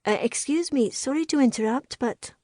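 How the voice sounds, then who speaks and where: A woman's voice: sits high, normal speed, a little mellow, no echo, studio quality, voice pushed up. A woman voicing a kindly female medic with a Scottish accent, speaking in a soothing, motherly way. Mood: gentle.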